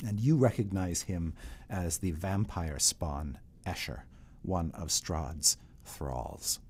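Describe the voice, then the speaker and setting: A man narrating a tabletop game as dungeon master, describing scenes unhurriedly with frequent pauses. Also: low-pitched, darkish tone, a little hiss or hum.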